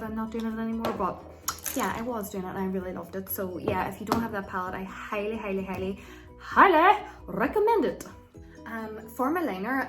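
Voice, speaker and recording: A woman giving a casual, chatty makeup tutorial, with a loose way of talking and plenty of ums and likes. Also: mid-range voice. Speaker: makeup vlogger.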